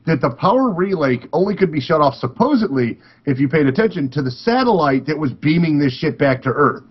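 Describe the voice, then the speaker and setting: A man's voice: fairly high pitch, very animated, fairly quick, husky. A man co-hosting a casual gaming podcast, arguing his points and swearing freely. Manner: argumentative, swears. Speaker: podcast co-host. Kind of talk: casual chat. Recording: dull lo-fi sound.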